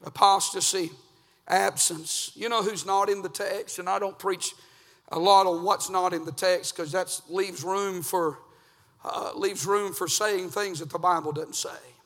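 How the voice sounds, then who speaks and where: Man preaching fire and brimstone in a church, high bright voice, surges from near-whisper to full shout, long hall echo. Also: fairly even intonation, unhurried. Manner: swings from hushed to shouted preaching. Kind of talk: fiery revival sermon. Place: church sanctuary.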